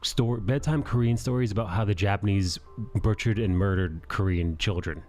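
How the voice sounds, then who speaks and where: A man's voice: fairly low pitch, normal speed, a little mellow, faint music behind. A man in casual chat on a live stream, joking, laughing and swearing freely. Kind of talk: casual banter.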